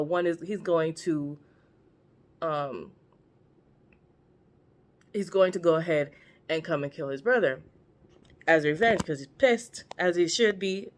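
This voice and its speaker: A woman vlogger chatting casually as she retells a Bible story, slangy and full of offhand asides. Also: lowish voice.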